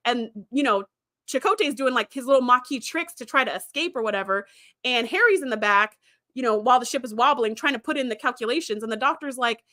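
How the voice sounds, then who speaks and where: A woman's voice: on the high side, animated, fast, pushed and bright. A woman host recapping episodes in a chatty way, with fillers and quoted lines acted out. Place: streaming setup.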